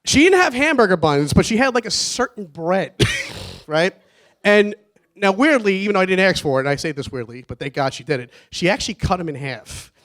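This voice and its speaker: A man's voice: sits high, sing-song, a little fast, a bit bright. A man giving a rambling, nervous wedding toast for his brother, laughing often. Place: wedding reception.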